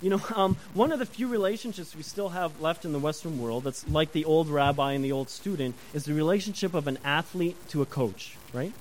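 Male preacher, high and animated, conversational sermon with questions to the congregation, faint hiss. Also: a little fast, hardly any pauses, poor audio. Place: church before a congregation.

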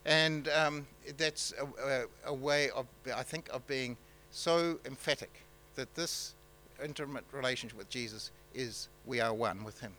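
A man preaching a sermon in a halting, conversational way, with many fillers and restarts. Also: medium pitch, pushed and bright, a little hiss or hum, rough recording. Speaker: pastor.

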